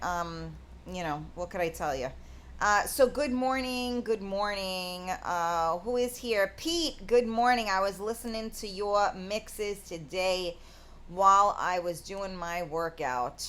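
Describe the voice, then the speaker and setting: A woman's voice: medium pitch, measured pace, fairly bright tone. A woman, hosting a live talk stream in a casual, rambling way with many fillers. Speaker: talk show host.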